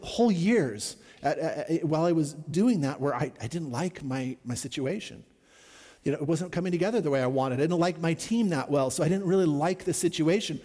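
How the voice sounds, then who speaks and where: A man's voice: fairly high pitch, darkish tone, big-room sound. A middle-aged man preaching a sermon as a pastor, in an earnest, conversational way with repeated refrains.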